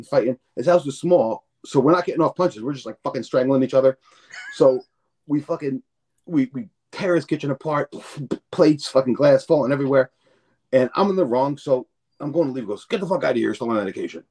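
A man's voice: mid-range voice, brisk, a little mellow. A man, a podcast guest, telling stories in a rambling, profane way and repeating words as he acts out each scene. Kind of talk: casual storytelling chat.

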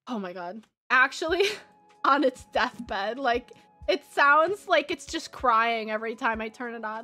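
Woman, Valley Girl accent, streamer, casual drawing chat, giggly and rambling, sharp bright voice, soft background music. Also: on the high side, normal speed. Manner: chatty and rambling, giggly, heavy use of "like".

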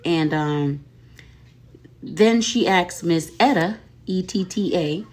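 Woman, commentary host, casual gossip, somewhat low voice, chatty, laughing. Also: takes it slowly, darkish tone. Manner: chatty, laughing, repeats "okay?" and "y'all". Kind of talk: casual commentary on social media drama.

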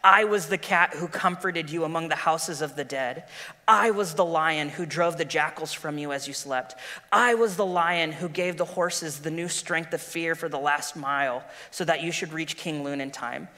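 A man voicing a calm, majestic male lion, speaking slowly and solemnly. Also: on the high side. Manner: slow, measured, solemn. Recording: long hall reverb with guitar music.

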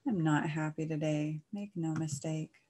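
A gloomy young cow from a children's storybook, plaintive and soft-spoken, as a woman reads him. The voice stays near the reader's own, a little lower and slower in places. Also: fairly even intonation. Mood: glum. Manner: glum, plaintive.

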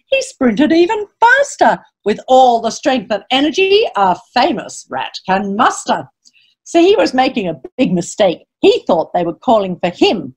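A woman, a children's author, reading a picture book aloud to children as an animated storyteller, reciting rhyming verse and asking her listeners questions. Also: fairly high pitch, a little slow, slightly rough. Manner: reads rhyming verse in lively sing-song.

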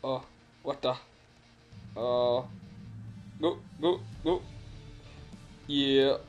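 A man's voice: mid-range voice, extremely slow, lo-fi sound, soft background music. A guy putting on a Russian Vladimir. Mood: excitable. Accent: put-on Russian accent. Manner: swears a lot, laughs and yelps at crashes. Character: loud Russian guy Vladimir, crude and excitable. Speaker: gameplay commentator. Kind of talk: comic game commentary in character.

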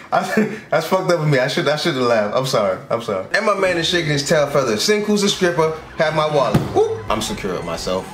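A young man casually reacting to an anime episode, animated and slangy, laughing and swearing as he goes. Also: mid-range voice, fast, few pauses. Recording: echoey room.

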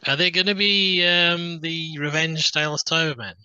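A man's voice: on the high side, steady tone, moderate pace, bright, forceful tone, clean tone, no room sound, lo-fi sound. A man co-hosting a podcast, mostly chiming in with short agreements and dry quips. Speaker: podcast co-host. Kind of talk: casual chat.

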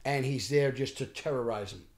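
A middle-aged man, an actor telling animated stories on a podcast. He often restarts sentences and acts out what people said. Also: mid-range voice, a little fast, a little hiss or hum. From Bensonhurst, Brooklyn, New York. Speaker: actor guest. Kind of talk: casual podcast storytelling.

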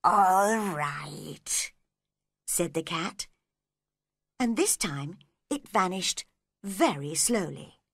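A woman reading a storybook aloud slowly and clearly for learners. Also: lowish voice, no echo, studio quality. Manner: slow, clear, lively reading. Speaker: reader. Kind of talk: storybook read-along narration.

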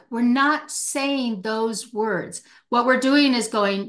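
A woman's voice: on the high side, slow pace, few pauses, fairly bright tone. A middle-aged woman, a hostage negotiator as podcast guest, answering passionately and acting out quoted speech. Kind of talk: emphatic podcast interview answer.

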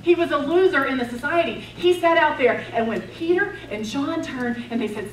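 Lady preaching a sermon, fired up then real quiet, high-ish voice, mic kinda far off. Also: normal speed, few pauses, background noise. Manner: impassioned storytelling, swings between loud and hushed. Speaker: women's retreat speaker. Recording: roomy, distant mic, faint ambience.

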